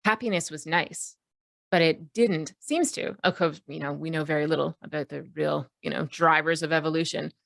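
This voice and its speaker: A woman coach talks through her ideas with a group in a loose, conversational way, restarting sentences and dropping in fillers. Her voice sits low with a gravelly texture. The sound is dry and close, with no room around it. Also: moderate pace, a bit bright, dry recording. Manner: conversational, many fillers and self-corrections. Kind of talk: live online coaching talk.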